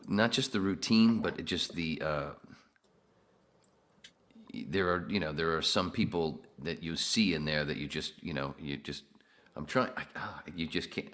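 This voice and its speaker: A man's voice: extremely low pitch, normal speed, a bit bright. A man chatting casually on a podcast, laid-back and rambling, with casual swearing.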